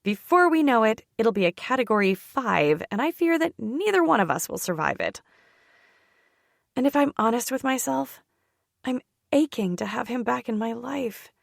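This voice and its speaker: A woman narrating a first-person romance audiobook in an intimate, expressive way on a close studio mic. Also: a little high, normal speed, gravelly, no echo.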